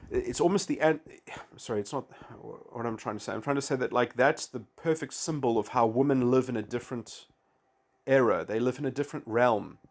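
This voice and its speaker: Male essayist, mid-pitched, meandering, stop-start delivery full of restarts. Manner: halting, full of restarts and "you know". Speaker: video essayist. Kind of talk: rambling philosophical monologue.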